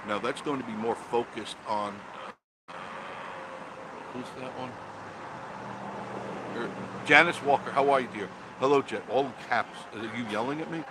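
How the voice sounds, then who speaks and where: An older man chats casually on a phone live stream outdoors beside a roadside attraction, greeting viewers by name. His mid-range voice is unhurried, with long pauses, and the background is noisy.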